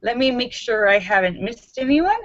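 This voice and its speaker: A woman with a bright, slightly high voice, hosting a live stream in an unhurried, chatty way. She greets viewers by name and reads out their jokes. The webcam audio sounds dull and lo-fi. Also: animated.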